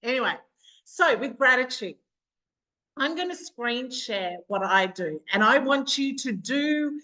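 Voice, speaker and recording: A woman's voice: high voice, animated, measured pace, sharp tone, rough recording. An Australian woman with a bubbly, chatty manner who laughs often, leading a live online training session as a business coach over a video call.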